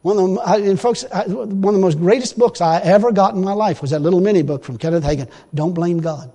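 High-voiced folksy preacher in a reverberant hall. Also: male voice, fast. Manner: folksy, emphatic, swings to loud exclamations. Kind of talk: sermon.

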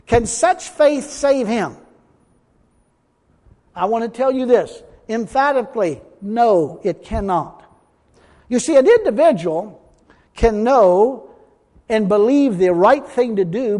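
In a sermon full of emphasis, a man reads scripture aloud and performs what others say. His voice sits high with a dark tone and lively intonation, moving a little slowly, and the room adds a long hall reverb.

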